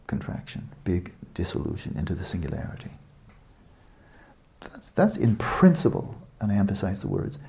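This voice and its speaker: A man's voice: on the low side, creaky, dark tone. A man giving a retreat dharma talk as a meditation teacher, explaining at length, repeating words for emphasis and turning to the listeners with asides.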